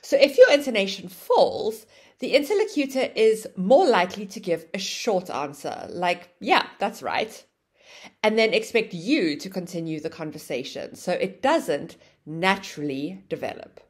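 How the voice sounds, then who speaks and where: Here a woman explains English grammar clearly, acting out example phrases with exaggerated ups and downs in her intonation. Her mid-range voice has a darkish tone, and she sounds animated at a moderate pace.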